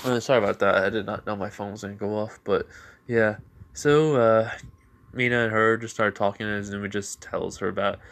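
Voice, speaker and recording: A man's voice: on the low side, fairly even intonation, fairly quick, creaky, fairly bright tone. A man casually retelling a fan-made story, rambling along with plenty of "like" and "you know".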